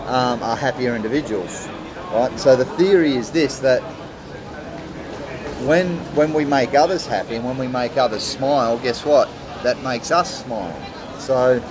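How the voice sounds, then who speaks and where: Upbeat male host, motivational live-stream patter, mid-range voice, heavy street crowd noise behind. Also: medium pitch. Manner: upbeat, motivational, greets viewers by name. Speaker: podcast host. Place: busy outdoor pub on a city main street. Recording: loud crowd noise outdoors. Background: crowd chatter and traffic.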